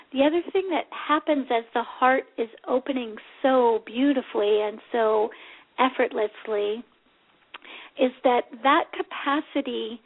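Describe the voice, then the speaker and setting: A woman hosting a reflective spiritual talk show, speaking gently and unhurriedly with many pauses over a phone call. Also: fairly high pitch. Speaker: spiritual radio show host. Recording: tinny phone line.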